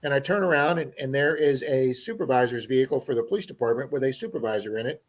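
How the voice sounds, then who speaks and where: A man co-hosting a livestream, telling an animated story to his viewers in a casual chat. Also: medium pitch, fast talker. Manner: animated storyteller who acts out quoted people. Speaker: livestream co-host.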